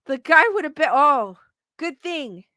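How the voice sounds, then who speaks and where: A woman's voice: high voice, big pitch swings, a little slow, sharp tone, no room sound. A woman hosting a casual chat show, reading out stories and viewer comments with lots of reactions and laughter. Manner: chatty, laughs often, restarts and reacts to comments.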